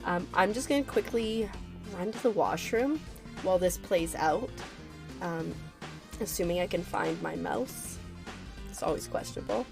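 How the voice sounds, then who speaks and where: A woman's voice: fairly low pitch, unhurried, gravelly, pauses often, over music. Giggly woman streaming a game. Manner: chatty and giggly, reacting to the game. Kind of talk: casual live-stream gameplay chat.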